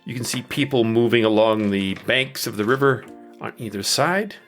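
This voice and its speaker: A man narrating a tabletop game as dungeon master, in slow, descriptive turns. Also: medium pitch, animated, faint music behind.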